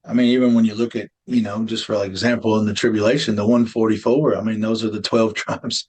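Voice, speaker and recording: A middle-aged man bluntly telling his life story as an interview guest, often dropping to a low, intense murmur. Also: flat delivery, fast talker, darkish tone. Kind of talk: emotional personal storytelling.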